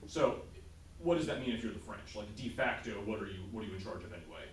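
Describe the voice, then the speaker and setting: A man's voice: lowish voice, lively intonation, fast talker, a little hiss or hum. A male teacher giving a casual history lecture in class, often checking in with his students by asking "right?". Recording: roomy, distant classroom sound.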